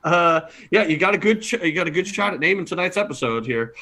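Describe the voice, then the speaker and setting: Bright, high-voiced man hosting a comedy show. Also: animated, fast talker. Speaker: improv performer wrapping up the show. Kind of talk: casual closing chat.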